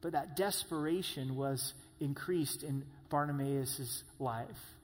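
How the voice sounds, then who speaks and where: A man preaching a sermon, who rises to loud high cries when he voices pleas. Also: slow pace, in a large hall.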